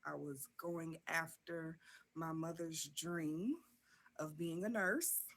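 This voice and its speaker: Southern US woman in her twenties, deep voice, slow measured talk, interview guest. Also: a bit bright. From Georgia, USA. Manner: unhurried, with frequent "um" fillers. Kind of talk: casual interview storytelling.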